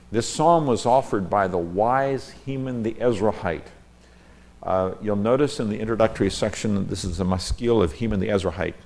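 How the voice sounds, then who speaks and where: A man's voice: deep voice, vocal fry, a little mellow. A man teaching a Bible passage, reading scripture aloud with rising emphasis and explaining Hebrew terms.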